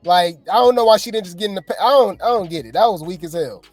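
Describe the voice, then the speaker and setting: A woman's voice: mid-range voice, fast talker, a little mellow, faint music behind. A woman hosting casual gossip commentary, chatty and slangy, talking straight to her viewers.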